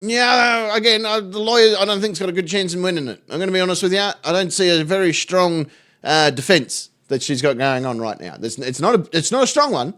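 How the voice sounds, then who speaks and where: A man's voice: high voice, brisk, sharp tone. A man hosting a live stream, chatting casually and telling jokes, often swearing. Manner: sweary, joking storyteller.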